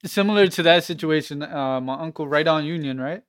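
A man in a casual chat with friends, telling a story in a relaxed way. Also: fairly high pitch, brisk, clean tone.

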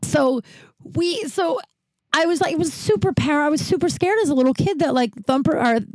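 A woman telling a personal story casually, rambling with many fillers and correcting herself, laughing wryly at dark memories. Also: sits high, lively intonation, normal speed, dry recording. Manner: rambling, heavy use of "like", self-correcting.

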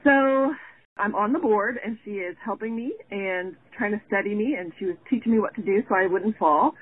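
A woman calls in to tell a story in animated fashion and breaks into yells as she acts it out. She comes through a thin, tinny phone line. Her pitch is middling. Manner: animated, yelling reenactments. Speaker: caller.

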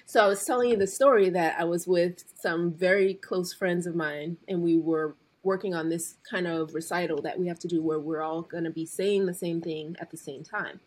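A woman in her forties with a husky, slightly breathy voice, speaking in a casual podcast chat. She sits a little low in pitch and talks slowly and deliberately, as if weighing each word. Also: steady tone, darkish tone. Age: 40s. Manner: slow, deliberate speech. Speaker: podcast co-host. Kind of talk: casual conversation.

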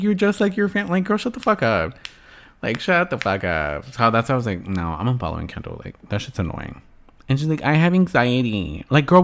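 A young man vlogging in a blunt, sassy rant, swearing freely and talking straight to his viewers. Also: on the low side. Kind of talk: casual rant to camera.

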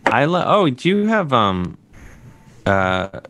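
A man's voice: medium pitch, big pitch swings, slow, a bit bright. A man hosting a live call-in comedy show, joking and teasing his callers. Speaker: host.

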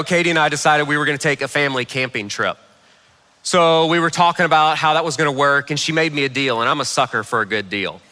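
Man, pastor, humorous sermon, high voice, reverberant hall. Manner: humorous, animated storyteller. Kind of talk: sermon with storytelling.

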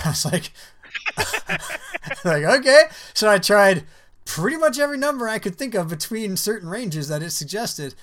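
A man's voice: a little high, fairly bright tone. A man in casual chat with a dry, wry manner who laughs at his own jokes.

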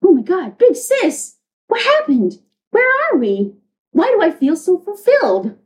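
A woman's voice: very high-pitched, huge pitch swings, measured pace, darkish tone, voice pushed up, full character voice. A woman voicing a confused young girl calling out to her big sister.

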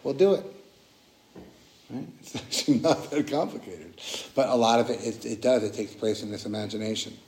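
A man's voice: lowish voice, fairly quick, darkish tone. Man giving a casual dharma talk. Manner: casual and earnest, with many restarts and "like". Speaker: meditation teacher. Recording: roomy echoing hall.

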